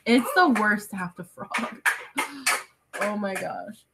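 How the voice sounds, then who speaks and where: A woman's voice: medium pitch, big pitch swings, slow pace, creaky. A woman hosting a crochet livestream from home, chatting casually with viewers, reading their comments aloud and laughing often. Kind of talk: casual chat with live viewers. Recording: loud clicking noise over the voice.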